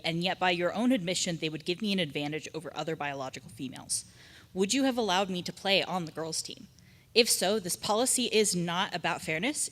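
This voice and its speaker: A teacher delivers a steady, carefully prepared statement to a school board. The voice sits low, and the delivery is firm and deliberate. A long hall reverb trails after each phrase. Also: female voice. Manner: measured, firm, reading a statement. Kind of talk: prepared public comment. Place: school board meeting room.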